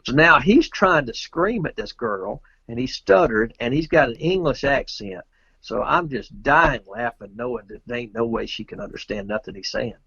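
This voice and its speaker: Man, middle-aged, husky voice, dry muffled call audio, rambling storyteller. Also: medium pitch, no room sound. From Georgia, USA. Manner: rambling, animated anecdote telling. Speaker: guest, pro pool player. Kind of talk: casual storytelling interview.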